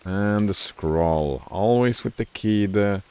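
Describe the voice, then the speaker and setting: A man's voice: fairly low pitch, slow, dark tone, clean tone. A man streaming a video game, musing aloud, puzzling over words and joking at himself as he plays. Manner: musing aloud, looking up words, self-deprecating. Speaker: gameplay streamer. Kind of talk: casual commentary while playing a game.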